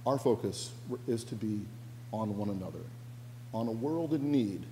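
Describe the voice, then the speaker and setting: A man's voice: lowish voice, animated, normal speed, warm tone, a little hiss or hum. Man preaching in a reverberant church. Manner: storytelling, with self-corrections and asides. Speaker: pastor. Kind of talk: sermon. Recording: long reverb of a church hall.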